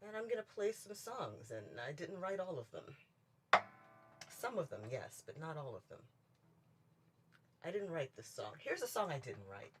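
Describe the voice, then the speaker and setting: A woman's voice: deep voice, very animated, moderate pace, pauses often, faint music behind. A woman from Baltimore and New York City, a musician, shyly introducing her songs over a video call. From United States, Baltimore and New York City. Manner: shy, apologetic. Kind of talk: casual introduction before a song.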